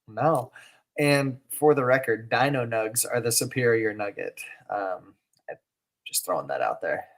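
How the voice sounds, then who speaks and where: A man's voice: medium pitch, a little slow. A man co-hosting a casual reaction podcast, talking in an easygoing, loose way and chuckling often. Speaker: podcast co-host.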